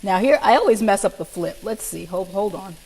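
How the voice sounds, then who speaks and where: A woman's voice: medium pitch, expressive, brisk, gravelly, darkish tone, husky. Lady doing a live cooking stream in her kitchen, middle-aged, chatty, keeps saying y'all to the viewers. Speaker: cooking show host. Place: home kitchen. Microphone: connected microphone, moving around the house.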